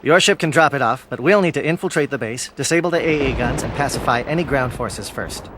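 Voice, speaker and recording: An actor playing a stern, disciplined alien military captain in a video game, speaking in formal, clipped military phrases. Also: male voice, medium pitch, brisk, noisy background, close to an everyday voice. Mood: resolute. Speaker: commander briefing troops.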